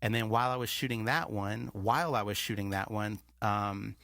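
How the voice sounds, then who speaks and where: A man's voice: fairly low pitch, normal speed, creaky, no echo, clean studio sound. A man, a filmmaker guest, telling a long story in casual chat and acting out the dialogue he quotes. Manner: animated, acts out quoted dialogue.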